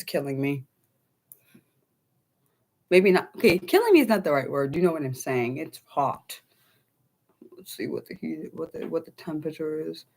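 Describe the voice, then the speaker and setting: A woman's voice: deep voice, a little mellow. A young woman from the United States hosting an unscripted livestream, rambling casually to her chat with many ums and restarts. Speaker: livestream host.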